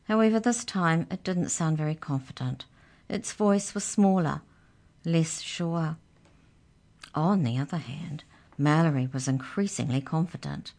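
Low-voiced woman reading a children's story. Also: unhurried, a little mellow.

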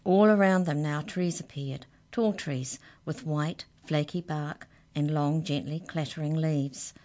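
Aussie lady reading a kids book on the radio, low voice, gentle and expressive. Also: measured pace. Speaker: storytime reader on community radio. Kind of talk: reading a children's book aloud.

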